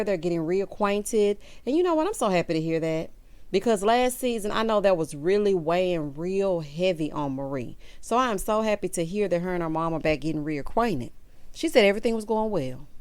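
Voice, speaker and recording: Smooth and medium-pitched, a woman's voice comes through with no room sound as she offers casual recap commentary on a reality show. She's in her late thirties and speaks right to her viewers, sassy and chatty.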